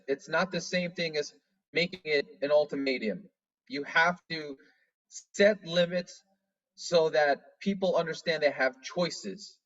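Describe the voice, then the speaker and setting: A man leads an instructional session on a video call, walking through his points in a measured way and often restarting sentences. His voice sits slightly high for a man. The audio is muffled and lo-fi, and he sounds a little far from the microphone. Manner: measured, repeats and restarts phrases while explaining. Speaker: dance studio director.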